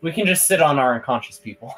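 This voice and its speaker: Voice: animated, fast, slightly rough, soft background music, rough recording. A player in a tabletop game, joking and swearing casually. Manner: playful, profane, pitch jumps up when joking.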